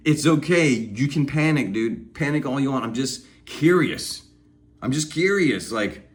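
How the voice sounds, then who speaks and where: Animated man giving a candid pep talk. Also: mid-range voice, a little slow. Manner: animated, acts out inner voices and self-talk; candid and encouraging. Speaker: host of speaking practice videos. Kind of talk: motivational self-therapy monologue.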